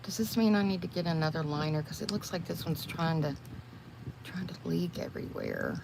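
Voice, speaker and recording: An older woman hosts a livestream from a noisy home, doing her makeup while rambling casually to viewers she calls y'all. Her voice is lowish and creaky, very animated, and a little fast.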